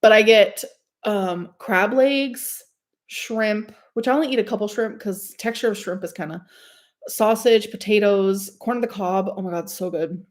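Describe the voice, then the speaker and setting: A woman's voice: medium pitch, unhurried. Gushing young woman chatting on a livestream. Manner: chatty and gushing, says "like" a lot. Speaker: streamer reading live chat. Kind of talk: casual livestream chat.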